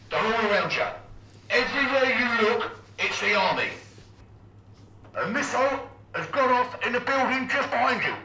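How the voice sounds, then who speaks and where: Director played by a man, slow and instructive, high, lively. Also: roomy sound, background noise. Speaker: director on set.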